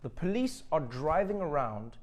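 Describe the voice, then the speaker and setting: A man's voice: a little high, very animated, moderate pace. A man hosting a comedic news monologue, delivering jokes with sarcasm. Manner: joking, sarcastic delivery with acted-out bits. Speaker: comedy host.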